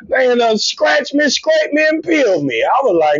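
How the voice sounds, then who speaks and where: A man with a high, gravelly voice tells raunchy stories on a live comedy stream and breaks into loud shouts and groans. He chats with his viewers by name. The audio is dull and lo-fi, with a dry, close sound. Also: big pitch swings, moderate pace, no room sound. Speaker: comedian hosting a live show. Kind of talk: raunchy comedic livestream monologue.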